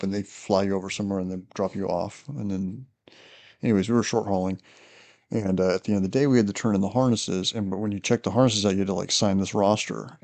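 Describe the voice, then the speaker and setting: Animated man telling a story. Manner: animated storyteller, voice climbing high with laughter. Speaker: podcast host, police officer. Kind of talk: casual podcast storytelling.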